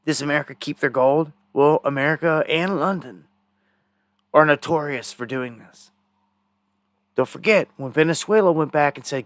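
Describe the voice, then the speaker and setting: An indignant man talking through a live news stream in a loose, rambling, conspiratorial way. His voice sits a bit higher than most men's. The sound is dry and close, with no room around it. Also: normal speed, a bit bright, dry recording.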